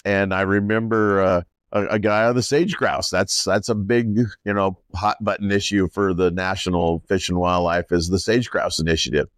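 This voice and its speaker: In a dry, clean studio recording, a man with a deep, smooth voice talks at a moderate pace with few pauses and fairly even intonation. He's a farmer and landowner guest in casual conversation, rambling through stories, restarting frequently and quoting people along the way.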